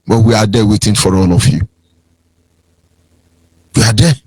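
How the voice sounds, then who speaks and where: A man's voice: fairly low pitch, moderate pace, a little mellow, slightly rough, no room sound. A man with a Nigerian accent giving an impassioned, preachy political talk on radio, swinging into sing-song mockery. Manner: preachy, sing-song, mocking impressions of others. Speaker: radio broadcast speaker.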